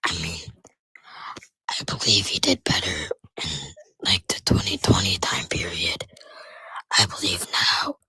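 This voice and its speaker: A man's voice: deep voice, fairly even intonation, unhurried, long pauses, sharp tone, breathy edge, dry recording. A man in his forties calling in, sleepy and hesitant, speaking in a near whisper. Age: 40s. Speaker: caller.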